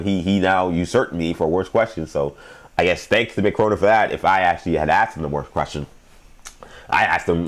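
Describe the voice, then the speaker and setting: A young adult man hosting a sports show, giving rambling, emphatic commentary and laughing at his own stories. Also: sits low.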